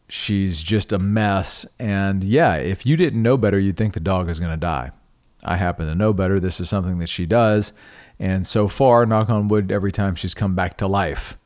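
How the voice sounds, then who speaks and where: Middle-aged guy podcasting, lowish voice, rambly storytelling with lots of restarts. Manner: conversational, restarts and repeats words, animated when quoting himself. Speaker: podcast host. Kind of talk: personal storytelling monologue.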